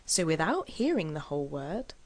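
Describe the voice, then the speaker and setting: A woman teaching an English lesson in a scripted style, pronouncing words slowly and deliberately. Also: low voice, big pitch swings.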